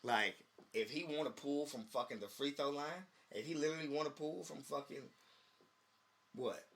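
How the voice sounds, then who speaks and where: Male podcast co-host, bright tone, lively casual storyteller who acts out quotes. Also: on the high side, normal speed, creaky, breathy edge. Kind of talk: casual chat.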